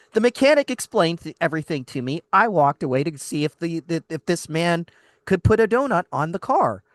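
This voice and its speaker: Animated man host telling a story. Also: a little high, moderate pace, dry recording. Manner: animated, acts out other people's lines in the story; exasperated, laughs between lines. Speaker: radio host. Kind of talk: casual storytelling chat.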